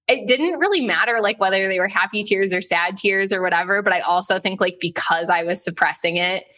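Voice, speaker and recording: A woman hosting a podcast with a bright, clear tone at an ordinary pitch. She talks in a loose, chatty way, leaning on "like" as she tells personal stories with animated energy. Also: a little fast. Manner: chatty, heavy use of "like", animated storytelling. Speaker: podcast host. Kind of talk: casual chat.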